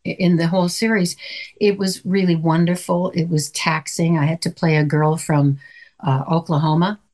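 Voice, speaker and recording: An older woman from Canada, an actress guest chatting in an interview and telling lively stories with quoted voices. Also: fairly low pitch, moderate pace. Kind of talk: conversational interview.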